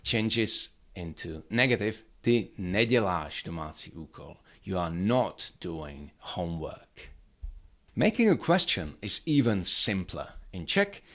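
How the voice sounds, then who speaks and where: A man teaching a grammar lesson, explaining upbeat and clearly, step by step. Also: low-pitched, fairly bright tone. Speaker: language teacher.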